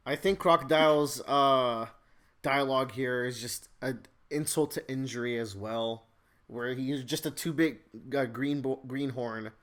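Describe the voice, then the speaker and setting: A man's voice: mid-range voice, a little slow, a bit bright. A man co-hosting a podcast, explaining story details and adding dry quips in casual chat. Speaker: podcast co-host. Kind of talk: casual chat commenting on a manga.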